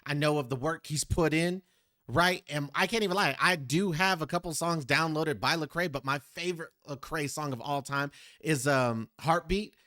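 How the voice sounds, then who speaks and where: A man's voice: fairly high pitch, sharp tone, no room sound, clean studio sound. A man hosting a music reaction video, talking reflectively and directly to his viewers. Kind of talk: casual reaction commentary.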